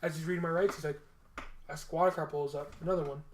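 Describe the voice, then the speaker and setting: A man co-hosting a podcast, telling a story in a casual, animated and profane way. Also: fairly high pitch, fast, roomy sound, slight background noise. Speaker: podcast co-host.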